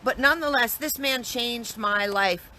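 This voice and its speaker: Woman telling a story from her life, bright clear voice, earnest and reflective, lots of restarts. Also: fairly high pitch, measured pace, slight background noise. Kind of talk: casual personal storytelling.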